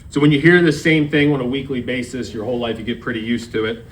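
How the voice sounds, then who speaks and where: Man, 30s, from Maryland, memorial speech, storytelling, acting out quotes, medium pitch. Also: fast talker, rough recording. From Maryland, USA. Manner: storytelling, acts out quoted dialogue. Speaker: grandson giving a eulogy. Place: memorial service.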